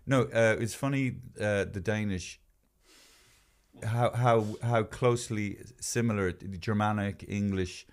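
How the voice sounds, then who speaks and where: Male co-host from Ireland, low voice, loose rambling chatter full of restarts. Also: unhurried. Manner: rambling, animated, mimics accents, swears. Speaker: podcast co-host. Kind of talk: casual chat.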